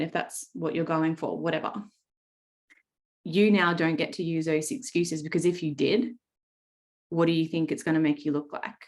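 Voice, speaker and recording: An Australian woman in her thirties runs a live coaching call, speaking bluntly and swearing without pause. Her voice sits low and deep, and she keeps tagging her points with "right?" to pull the group in. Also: fairly even intonation. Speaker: trading coach. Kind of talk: live coaching session talk.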